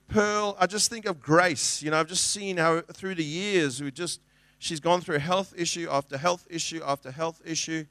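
In this sermon, the middle-aged pastor speaks to his congregation in an earnest, conversational style, his fairly bright voice sitting a little high for a man. The sound is close and dry with no room echo, and he regularly restarts sentences and acts out small quotes.

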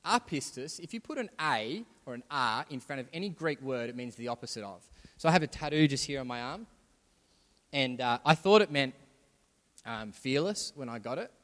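A man's voice: mid-range voice, expressive, moderate pace, a bit bright. A man preaching a sermon as pastor, talking conversationally and building to emphatic points. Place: church hall. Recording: long hall reverb.

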